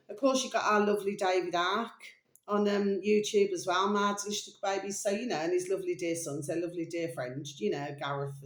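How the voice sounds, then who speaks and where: A woman's voice: fairly low pitch, reverberant. A woman vlogging in a rambling, repetitive monologue with plenty of swearing.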